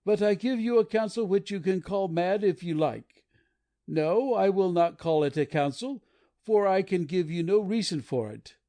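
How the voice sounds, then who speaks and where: A woman's voice: mid-range voice, moderate pace, dark tone, close to an everyday voice. A woman reading an audiobook, voicing a passionate, desperate young male anarchist who pleads with his comrades. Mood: impassioned pleading. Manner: impassioned, pleading.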